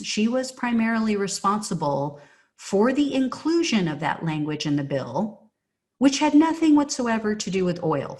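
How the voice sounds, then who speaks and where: A woman's voice: on the low side, a little mellow. A woman hosting a political commentary show, talking bluntly and sarcastically with some profanity. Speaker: political commentary podcast host.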